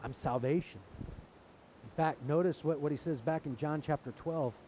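Guy preaching, earnest and a bit high-pitched, low rumble in the back. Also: fairly quick, warm tone, low-quality recording. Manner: earnest preaching, acts out quoted voices. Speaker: pastor. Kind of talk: sermon.

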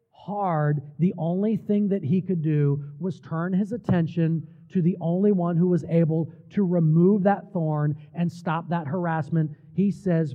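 Tinny-sounding man preaching with slow emphasis. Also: fairly high pitch. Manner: preaching with slow, emphatic pauses and dramatic drops in volume. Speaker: pastor. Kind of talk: sermon.

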